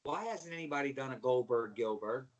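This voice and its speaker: A middle-aged man, a former wrestler, telling animated stories as a podcast guest and acting out the voices of the people in them. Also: mid-range voice, a little fast, highs cut off, a loud crowd. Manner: animated storyteller acting out voices, yelling and laughing. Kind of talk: storytelling on a podcast.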